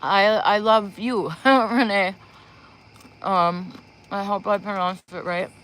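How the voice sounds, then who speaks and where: A woman's voice: mid-range voice, steady tone, fairly bright tone. A woman chatting casually on a livestream before giving spiritual readings, rambling and giggling as she talks into a propped-up phone in a small room. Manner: rambling, giggly, slow talker.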